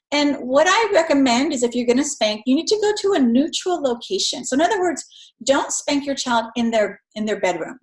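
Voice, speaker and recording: Middle-aged woman teaching a class, chatty, keeps saying right?, roomy echo. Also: fairly high pitch. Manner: conversational, keeps adding "right?". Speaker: instructor. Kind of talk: recorded lecture.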